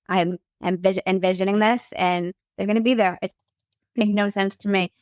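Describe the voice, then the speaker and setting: A young woman tells a story in a relaxed chat, swearing freely and playing out each quoted line. Her voice is smooth and clear. The sound is close and dry. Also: mid-range voice, fairly quick, no room sound. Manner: animated, profane, acts out quotes. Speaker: podcast host telling her story as guest.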